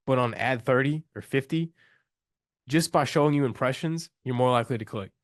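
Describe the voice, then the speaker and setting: A man's voice: medium pitch, brisk, no room sound. Casual young man coaching, dry sound. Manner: loose, slangy and enthusiastic, restarts a lot. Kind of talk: casual live coaching call.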